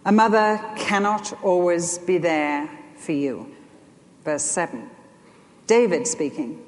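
An older woman preaching a sermon, telling stories in an animated way that swings between loud and soft. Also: fairly low pitch, takes it slowly. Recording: long hall reverb.

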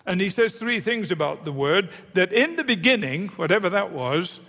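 A man's voice: high voice, big pitch swings, moderate pace, fairly bright tone. A man preaching a sermon, emphatic and fond of repeating phrases for effect. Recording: long hall reverb.

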